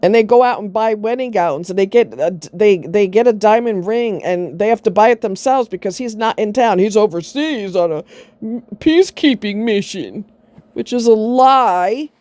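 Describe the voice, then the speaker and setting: A woman's voice: medium pitch, moderate pace, darkish tone, no echo. A middle-aged woman vlogging, telling a personal story in a blunt, sarcastic way and swearing freely.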